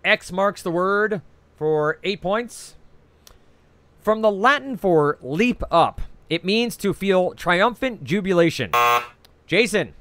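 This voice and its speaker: A man with a New Jersey accent hosting a trivia quiz over a video call, reading each clue twice and scoring answers in a brisk, chatty way with frequent "uh"s. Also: high voice, expressive, fairly bright tone, slight background noise.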